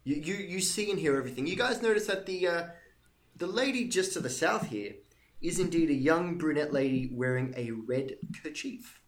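A man's voice: a little high, lively intonation, moderate pace. A man running a tabletop game as game master, narrating with frequent restarts and repeated words. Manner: hesitant, repeating words, self-deprecating.

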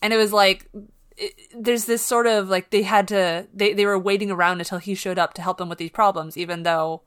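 A young woman co-hosting a casual podcast book discussion, chatty and animated, often restarting sentences and acting out quotes. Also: mid-range voice, a little fast, smooth. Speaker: podcast co-host.

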